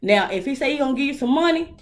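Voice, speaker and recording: A woman's voice: sits high, animated, very fast. A woman hosting her own talk vlog, talking casually and frankly in a rambling way, with lots of fillers and swearing. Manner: blunt, opinionated, swears freely. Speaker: host. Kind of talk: casual solo vlog monologue.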